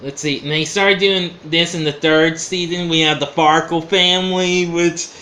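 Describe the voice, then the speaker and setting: Bright-voiced man rambling through a review. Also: a little high, fairly even intonation, normal speed, slight background noise. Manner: rambling and chuckly, often losing his train of thought. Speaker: vlogger reviewing an old TV show. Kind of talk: casual vlog review.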